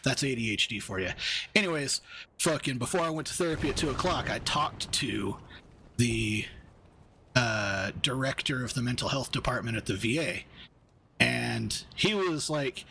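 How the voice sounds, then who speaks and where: A man's voice: medium pitch, animated, moderate pace, creaky, pushed and bright, slight background noise. A man, angry and steamed up, ranting profanely and rambling in casual chat while streaming a game. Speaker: gaming streamer.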